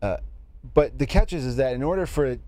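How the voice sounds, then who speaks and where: A man hosting a podcast in casual chat, laughing often and filling pauses with "uh" and "um". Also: mid-range voice, expressive, mellow. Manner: laughs often, hesitant fillers. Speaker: podcast co-host.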